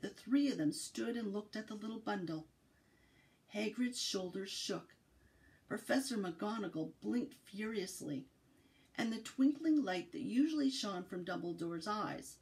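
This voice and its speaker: A woman from a library reading a children's book aloud in an expressive storytelling cadence. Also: mid-range voice, unhurried, low-quality recording.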